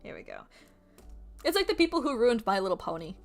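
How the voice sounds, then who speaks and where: A young adult woman streamer chatting casually while drawing, animated and profane, often laughing. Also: a little high, fast talker, vocal fry, soft background music. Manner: animated, swearing, laughing, quoting people in mock voices.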